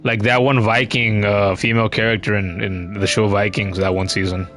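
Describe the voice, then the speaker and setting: A man's voice: on the low side, little pitch movement, normal speed, fairly bright tone, faint music behind. A man giving casual, chatty commentary while streaming a game, cursing now and then and reading chat comments aloud.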